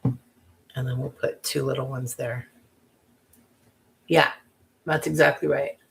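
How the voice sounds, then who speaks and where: Chatty lady doing a craft tutorial, gets all excited, giggles a lot. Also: rumbling low, slow, creaky. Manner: chatty, bubbly, easily excited, giggly asides. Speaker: craft vlogger.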